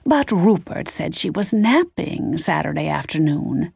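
A woman doing a sardonic sleuth in a cozy mystery, sarcastic and dry, with a gravelly low voice. Her delivery is slow and the recording close and dead. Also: sing-song, darkish tone, no room sound, full character voice.

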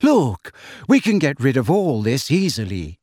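A man voicing a brisk, practical teenage girl in a storybook reading, bracing and no-nonsense. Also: medium pitch, wildly swooping pitch, darkish tone, dry recording, studio quality.

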